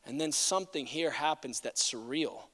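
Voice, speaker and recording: Male preacher, high bright voice, animated and humorous, punchy loud-to-quiet swings, acts out quotes. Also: normal speed. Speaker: pastor. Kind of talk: sermon.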